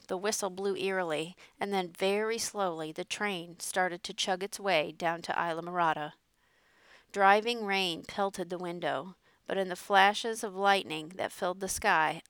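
A woman narrating a storybook in a measured way. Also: lowish voice, a bit bright, clear, resonant tone, no echo.

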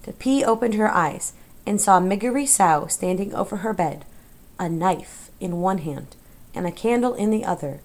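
Woman reading a children's novel aloud. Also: medium pitch. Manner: measured, expressive reading. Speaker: audiobook narrator. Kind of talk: scripted storybook narration.

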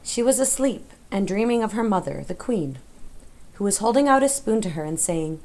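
Woman reading a children's novel aloud. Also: mid-range voice. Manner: measured, expressive reading. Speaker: audiobook narrator. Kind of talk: scripted storybook narration.

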